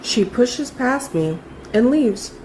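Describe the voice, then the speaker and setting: A young adult woman telling a story in a casual, animated way, full of swearing and emphasis. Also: a little high, slow, slight background noise.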